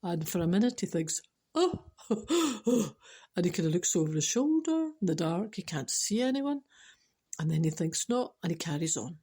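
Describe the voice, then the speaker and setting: This Scottish woman has a lowish, mellow voice with a breathy edge, and she speaks a little fast with lots of animation. She is a chatty, informal storyteller who tells jokes with dry wit, often restarting and laughing at herself.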